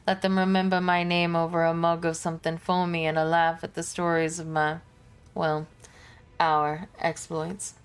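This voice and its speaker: A tired, tender-hearted psychic companion, as a woman voices her in a put-on accent. Her delivery is wistful and emotional, with a slightly low voice. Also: flat delivery, moderate pace, clear, resonant tone, lightly acted. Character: weary, sentimental female psychic companion.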